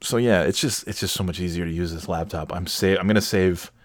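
A man's voice: low-pitched, brisk, dry recording, studio quality. A man hosting a casual solo monologue, talking in a sarcastic, rambling way with many fillers and restarts.

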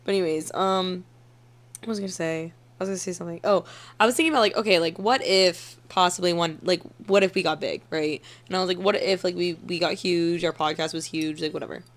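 A woman's voice: on the low side, steady tone, fast. A young woman co-hosting a podcast, chatting casually and telling rambling, profane stories with lots of laughter. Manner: profane, giggly, rambling storyteller. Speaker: podcast co-host. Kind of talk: casual chat.

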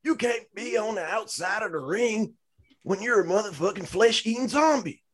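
A man doing an outraged wrestling fan who yells high and shrill, spitting curses in a strained, over-the-top rant. The voice is pushed far above a normal speaking pitch and held there in a sustained tirade. It plays as a mock podcast bit. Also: lively intonation, moderate pace. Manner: shrill, profane yelling. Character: furious male wrestling fan ranting about zombies.

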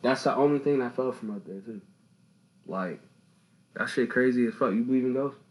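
A young man hosting a casual podcast, telling stories in an animated, slangy way. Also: mid-range voice, normal speed, low-quality recording. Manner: animated, slangy storytelling with loud laughing outbursts. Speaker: podcast host.

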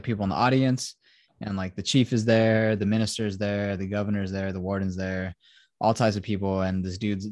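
Here the podcast host's voice is on the low side with a darkish tone, captured in clean studio sound with no echo. He's recounting a movie casually, cursing freely and acting out its quotes.

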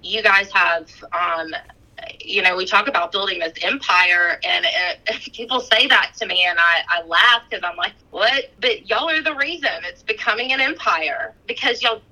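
A woman's voice: mid-range voice, normal speed, sharp tone, poor audio. A woman in her thirties, a fitness coach, talking in a heartfelt, gushing way on a podcast, full of "like" and laughter. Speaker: fitness coach and gym owner. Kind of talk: emotional podcast conversation.

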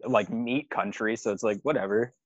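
A man's voice: lowish voice, normal speed, dry recording, highs cut off. Laughing, swearing man telling a tour story. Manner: swears a lot, laughs through his story. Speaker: touring musician telling a story. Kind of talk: casual podcast chat.

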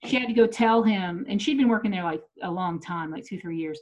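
Brisk and low-voiced, a middle-aged woman comedian swaps blunt, profane stories in unedited casual chat.

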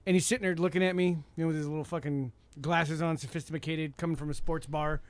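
A man, telling rideshare stories fast, laughing and swearing in casual chat. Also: fairly high pitch, steady tone, dry recording. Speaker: rideshare driver.

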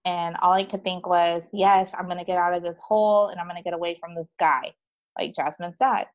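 Speaking briskly in a lowish voice, a woman relates her own story as a guest in an easygoing conversation. She's lively and chatty, with many fillers, and voices the characters herself, all captured on a muffled recording.

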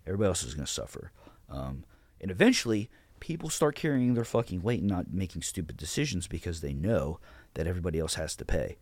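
A man's voice: deep voice, very animated, brisk, hardly any pauses, darkish tone, no room sound. A blunt, profane man in his thirties, a podcast guest telling stories about how he ran his platoon. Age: 30s. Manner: blunt, profane, retells his own orders. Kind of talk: casual interview storytelling.

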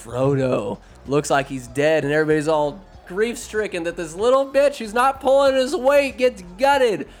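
A man's voice: high-pitched, expressive, moderate pace, few pauses, faint music behind. Profane, sarcastic man recapping a film. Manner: profane, rambling, sarcastic asides. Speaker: movie recap vlogger. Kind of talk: casual comedic movie recap.

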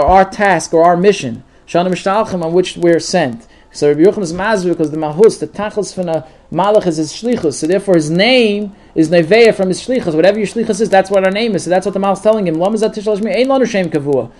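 A man's voice: high voice, darkish tone. A man giving a Torah lesson, reading each Hebrew verse and translating it into English with Yiddish words mixed in. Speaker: Torah teacher.

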